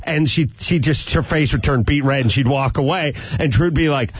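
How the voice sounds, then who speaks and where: A man hosting a comedic talk show, telling stories in a loud, ranting way. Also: a little high, normal speed, husky, dry recording, highs cut off. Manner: animated, ranting storyteller. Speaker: podcast host. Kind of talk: casual comedic rant.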